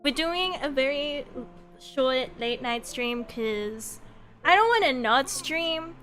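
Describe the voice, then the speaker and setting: Bright, high-voiced tired young woman streamer. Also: slow pace, soft background music. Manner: rambling, animated storytelling with many fillers. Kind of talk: casual late-night stream chat.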